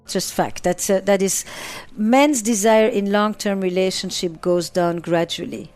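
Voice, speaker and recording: A woman therapist speaks at a mid pitch. She drives her points home by repeating and listing words. Soft music plays faintly underneath. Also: measured pace. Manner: emphatic, repeats and lists words for stress. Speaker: relationship therapist. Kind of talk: interview answers.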